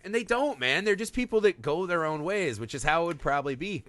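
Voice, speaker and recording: A man in his thirties co-hosting a casual film podcast, animated and swearing freely as he acts out scenes. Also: fairly high pitch, brisk, dry recording. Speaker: podcast co-host.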